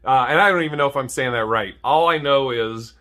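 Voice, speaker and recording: A man's voice: mid-range voice, fairly quick, bright, forceful tone. A man telling comedic stories to camera, swearing freely and laughing at his own jokes.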